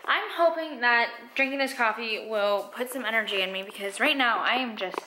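A woman's voice: fairly high pitch, a little fast, background noise. A young woman vlogging in a casual, rambling, self-deprecating way, sounding tired and drained. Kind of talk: casual vlog chat. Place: car and home.

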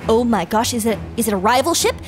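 Excitable high-voiced woman telling a game story. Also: fast. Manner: excitable, gasping, chatty asides. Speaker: story narrator. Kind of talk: playful game story narration. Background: background music.

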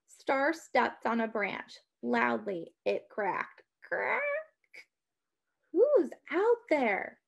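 A woman reading a children's story aloud with an expressive, dramatic delivery. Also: fairly high pitch, gravelly.

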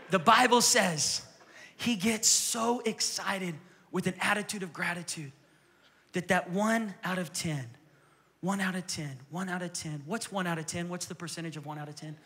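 A male pastor preaching a sermon in a church with energetic, repetitive phrasing that sometimes drops to a whisper. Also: high-pitched, normal speed, in a large hall, a faint crowd, slight background noise. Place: church sanctuary.

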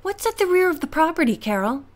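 A woman voicing a confident, curious teenage girl detective who talks briskly and decisively. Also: sits high, sing-song, pitched above the performer's own voice.

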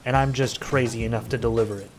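A man voicing a small, filthy, boastful male goblin in a gruff, self-satisfied drawl during video game commentary. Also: medium pitch, steady tone, fast talker, voice pushed down, lightly acted. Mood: smug. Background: game music.

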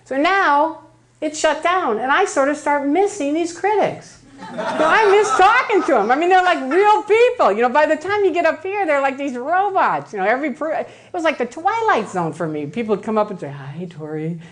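A woman giving a personal storytelling talk, animated and acting out the voices she quotes, often tagging lines with "right?". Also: high-pitched, normal speed. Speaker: speaker giving a public talk.

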